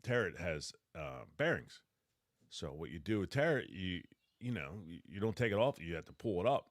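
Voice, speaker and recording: Middle-aged male host, low voice with big swings, dry close mic, animated storyteller. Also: normal speed, dry recording. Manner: animated, acts out quotes in raised voice, stammers and laughs. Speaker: podcast host, electrician trainer. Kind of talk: casual storytelling.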